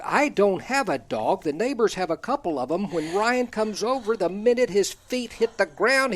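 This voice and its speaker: An older man hosting a talk show, reading out a folksy, humorous story about kids and chuckling at his own jokes. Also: high-pitched. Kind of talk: reading a personal column aloud, then casual chat.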